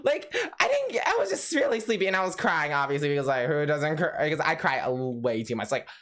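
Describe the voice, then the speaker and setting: A young man vlogger telling a story in a casual, animated way, full of "like" fillers and laughter. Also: on the high side, fast. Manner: animated, swoops between laughing and mock-crying, heavy "like" filler.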